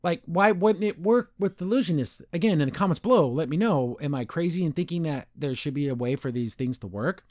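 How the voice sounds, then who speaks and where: A man hosting a podcast, casually recapping a cartoon episode in a rambling, animated way, acting out the characters' lines. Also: fairly high pitch, brisk, hardly any pauses, no echo, studio quality.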